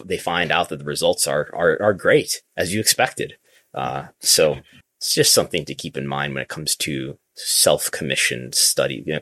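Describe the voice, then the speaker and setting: A man with a deep, low voice co-hosts a casual wrestling news talk. He stammers and restarts as he goes, then fires off strings of questions. The sound is dry and close, with no room around it. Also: a bit bright, no room sound. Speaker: podcast co-host.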